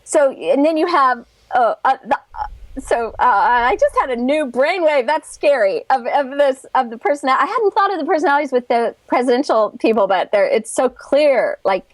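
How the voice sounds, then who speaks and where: A woman's voice: high-pitched, expressive, normal speed, dry recording. A woman guest in an interview, talking in a chatty, enthusiastic way and acting out little quotes as she explains. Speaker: guest expert. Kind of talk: animated interview talk.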